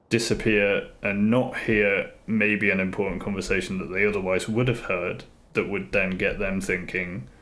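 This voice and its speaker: An earnest man chatting on a live stream, his voice sitting a little low. He rambles and circles back to the same phrases as he thinks aloud, in an easygoing, unscripted way. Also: fairly bright tone. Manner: earnest, rambling, repeats himself. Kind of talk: casual live-stream chat. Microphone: streaming mic, face off camera.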